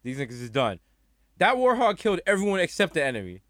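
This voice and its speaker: Brief: man, slightly raised pitch, bantering co-host, jumps into voices, dry close sound. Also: fast talker, no echo. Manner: animated, acts out bits in voices. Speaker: podcast co-host. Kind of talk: casual comedic chat.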